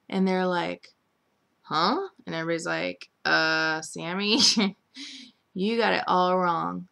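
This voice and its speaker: A woman's voice: on the low side, vocal fry, bright, forceful tone. A young woman chattily recapping a soap opera week, full of "like" and "um" fillers, briefly mimicking the characters. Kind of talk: casual recap chat.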